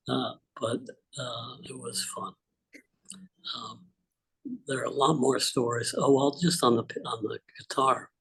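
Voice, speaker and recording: An older man telling relaxed, rambling personal stories on a group video call, with many fillers. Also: mid-range voice, gravelly, husky, poor audio. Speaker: call participant. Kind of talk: casual storytelling on a group call.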